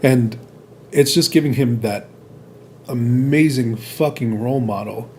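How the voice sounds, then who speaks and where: A man's voice: mid-range voice, measured pace, a little mellow, a little hiss or hum. A man hosting a podcast, chatting casually, blunt and supportive, cursing freely. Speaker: podcast host. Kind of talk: casual conversation.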